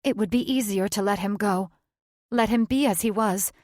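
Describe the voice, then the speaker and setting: A woman's voice: mid-range voice, normal speed, darkish tone, dry recording, studio quality, close to an everyday voice. A woman voicing a conflicted nameless witch who speaks in a tense, pleading way.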